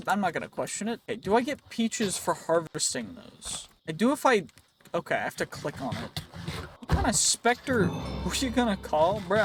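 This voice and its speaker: A man's voice: sits high, sing-song, moderate pace, a little hiss or hum. A man hosting a let's play, talking to himself in a rambling, playful way as he goes, his voice a bit worn. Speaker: gaming channel host.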